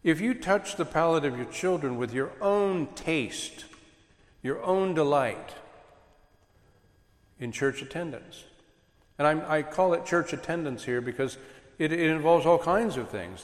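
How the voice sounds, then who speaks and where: A man preaching earnestly to a congregation about raising children, animated as he makes his points. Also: on the high side. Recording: echoey hall with long reverb.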